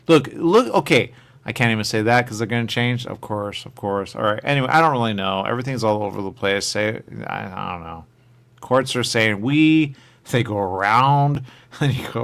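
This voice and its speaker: Rambling low-voiced radio host. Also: male voice, moderate pace, fairly bright tone, smooth. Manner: rambling, trails off, repeats "there you go". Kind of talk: casual talk radio chat.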